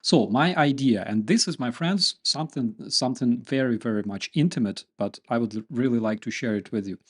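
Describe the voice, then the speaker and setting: A man's voice: medium pitch, a little fast, slightly rough. A man with a Ukrainian accent, hosting his channel and chatting casually with viewers, joking and using many fillers. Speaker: channel host. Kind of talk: casual chat with viewers, reading comments.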